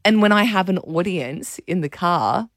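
A woman with a fairly low voice tells a self-mocking story in a lively, chatty way. She sounds like a breakfast radio host on air. The sound is dry and close. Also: moderate pace, no room sound. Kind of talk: casual chat.

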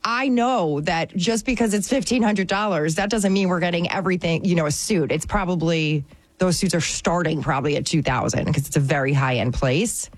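A woman's voice: on the low side, fairly quick, no echo. Chatty playful woman, dry sound. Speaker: radio show regular. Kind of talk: casual chat.

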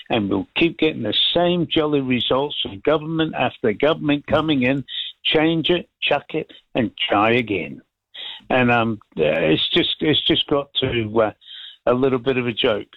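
An older man rambles warmly over a muffled phone line, voice at a middling pitch. His talk wanders, stalls on fillers and comes back around with sincere feeling. The sound is dry, with no room around it. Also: vocal fry, dry recording. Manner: rambling, heartfelt, patriotic. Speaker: caller. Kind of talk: casual radio call-in chat.

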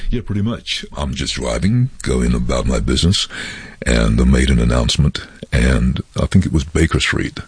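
Deep-voiced man with a husky voice and a lively, expressive delivery; recounts anecdotes in an interview. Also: normal speed, dry recording. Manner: animated, acts out voices in anecdotes. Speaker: voice-over artist and former train driver. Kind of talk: interview storytelling.

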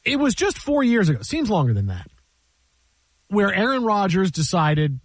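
A middle-aged man hosting a sports radio show, telling stories in an animated, chatty way with laughs and restarts. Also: sits high, normal speed, no room sound. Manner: animated storyteller, laughs, repeats himself. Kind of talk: casual sports radio chat.

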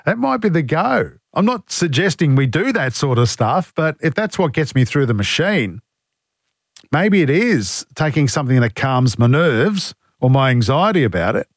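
A man's voice: fairly high pitch, very animated, measured pace, slightly rough, dry recording, clean studio sound. A man hosting talkback radio, joking, poking fun at himself and reading out listener texts in a casual chat. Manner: joking, self-mocking, reads listener texts aloud. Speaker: radio talk show host. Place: radio studio.

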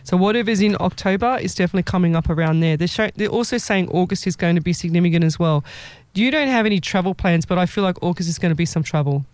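A woman's voice: on the low side, fast talker, hardly any pauses, darkish tone, no room sound. Rambling woman giving psychic readings. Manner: rambling, self-correcting, laughs often. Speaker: psychic medium. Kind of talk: live psychic reading on a show.

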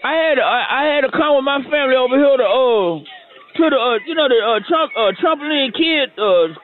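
A man playing a rambling male caller who stammers and fills every pause with "uh" while making excuses. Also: very high-pitched, expressive, a little hiss or hum. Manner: stammering, filler-heavy rambling. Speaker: phone-in caller on radio show. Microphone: phone. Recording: tinny phone line.

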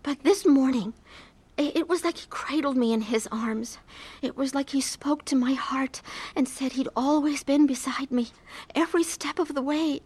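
A woman's voice: high voice, normal speed, a little mellow, close to an everyday voice. A woman telling an earnest life story. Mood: tearful. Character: troubled adult woman in emotional pain. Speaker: narrator and main character. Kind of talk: dramatized testimony with first-person narration.

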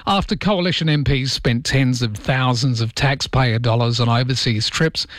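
A man's voice: medium pitch, moderate pace, fairly bright tone, dry recording. A man with an Australian accent hosting early-morning radio, chatting about listener texts and reading the papers. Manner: chatty, self-deprecating, reads listener texts. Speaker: radio host. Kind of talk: early-morning radio chat and news read.

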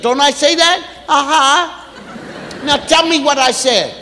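A man performing a stand-up comedy routine, animated and repetitive as he mimics exasperated parents. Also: very high-pitched, normal speed, slight background noise. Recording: echoey theater with long reverb.

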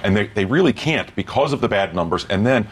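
A man's voice: lowish voice, expressive, a little fast, husky. A man, a political strategist, making his case on a TV panel in a folksy way with everyday examples. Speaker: political strategist, former communications director. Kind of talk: TV panel commentary.

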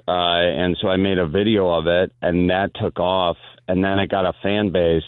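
A man's voice: sits low, level tone, moderate pace, clean tone, no room sound. A man, a comedian guest, chatting casually in a laid-back, self-deprecating way. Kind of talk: casual phone interview. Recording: tinny phone line.

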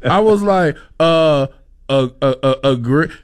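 A male radio co-host chatting casually on air. His voice sits fairly high and swoops about a lot. He tells stories in a halting way and stumbles over words. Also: animated, clean tone. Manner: halting, stammering storyteller. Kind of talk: casual talk radio banter.

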